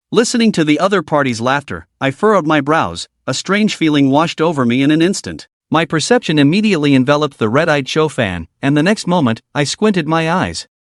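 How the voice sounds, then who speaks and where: A man giving a scripted first-person narration recapping a fantasy comic in a steady storytelling read. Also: fairly high pitch, no echo, studio quality.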